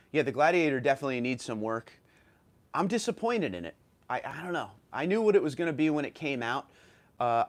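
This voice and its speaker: A man with a New York accent hosting a casual livestream, reading viewer comments and chatting loosely with fillers and restarts. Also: mid-range voice. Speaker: livestream host.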